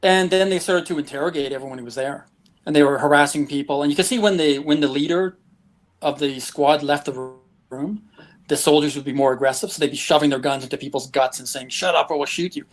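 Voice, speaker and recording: A man's voice: on the high side, fast talker. A man, a guest telling travel stories in a casual interview, breaking into chuckles. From Canada. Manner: lively anecdotes, chuckles often.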